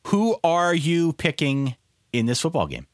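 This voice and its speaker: A man co-hosting a casual sports podcast, talking in an animated, playfully indignant way. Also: a little high, a little slow, dry recording, clean studio sound. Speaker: podcast co-host.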